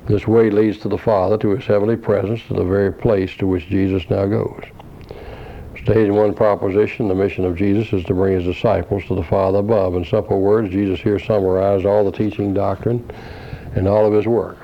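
A man with a low, monotone voice delivers a scholarly sermon, quoting commentaries and scripture references in a measured, deliberate way. The recording sounds dull and lo-fi. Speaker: preacher.

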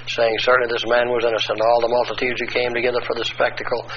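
Flat-voiced preacher reading scripture. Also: male voice, mid-range voice, fast talker, lo-fi sound, noisy background. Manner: reads passages then explains, corrects himself. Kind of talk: sermon reading scripture aloud.

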